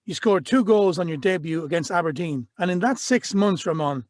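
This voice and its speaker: A man's voice: high voice, expressive, normal speed, a little mellow, no echo, clean studio sound. A man hosting a football podcast, asking upbeat, leading questions. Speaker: podcast host. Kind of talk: interview questions.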